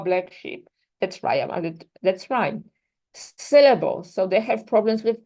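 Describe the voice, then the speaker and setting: A woman's voice: mid-range voice, a little mellow, poor audio. A young adult woman presenting a lecture to teachers, explaining step by step with examples and often checking in with "right?". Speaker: teacher trainer.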